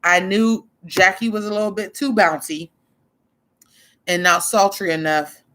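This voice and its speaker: Blunt, expressive woman doing stream commentary. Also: mid-range voice, a little slow. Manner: blunt, expressive, swears, answers chat. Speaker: drag show commentator. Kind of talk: casual livestream commentary.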